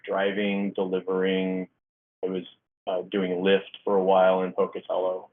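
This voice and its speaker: A man with a fairly low voice tells a long personal story, rambling and restarting as he acts out what people said. He comes through a thin, phone-like line. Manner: rambling, with many restarts and acted-out dialogue. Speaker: guest author. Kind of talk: storytelling in a casual interview. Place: Oregon.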